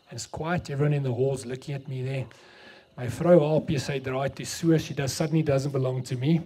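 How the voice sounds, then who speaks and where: A man's voice: medium pitch, fairly quick, mellow, slightly rough. A middle-aged South African man with an Afrikaans accent, preaching a sermon and telling a story, mixing English and Afrikaans.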